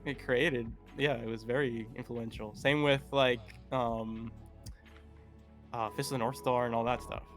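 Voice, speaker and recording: A man's voice: mid-range voice, fairly even intonation, unhurried, fairly bright tone, faint music behind. A man as a guest in casual stream chat, easygoing and agreeable, often hesitant. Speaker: guest co-host.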